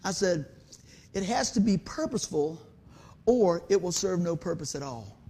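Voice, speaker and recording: Male pastor, folksy sermon storyteller, husky voice pitched high with lots of swing. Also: lively intonation, moderate pace, dark tone. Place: church sanctuary.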